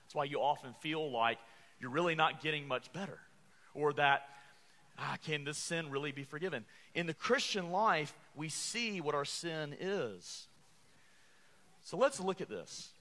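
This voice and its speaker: A man's voice: a little high, lively intonation, measured pace, bright, forceful tone. A man preaching a sermon as pastor, earnest and emphatic, stressing key words. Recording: church hall reverb.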